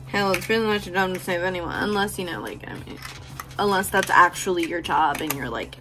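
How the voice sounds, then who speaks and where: A woman's voice: lowish voice, lively intonation, fairly quick, music in the background. A woman giving a frank, profane, affectionate motivational talk to her viewers, laughing often. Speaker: beauty vlogger. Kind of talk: candid motivational talk to camera.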